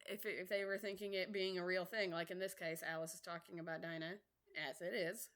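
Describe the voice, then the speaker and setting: A woman's voice: on the low side, little pitch movement, a little fast, a bit bright. A woman teacher reading a classic storybook aloud and chatting casually between passages to explain the words.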